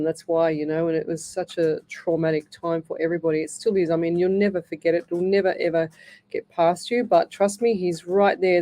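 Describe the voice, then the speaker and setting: An Australian woman in middle age talks on a live radio show as a psychic medium, rambling, restarting and filling gaps. Her voice sits a little low and sounds mellow and warm. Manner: rambling, with many restarts and fillers.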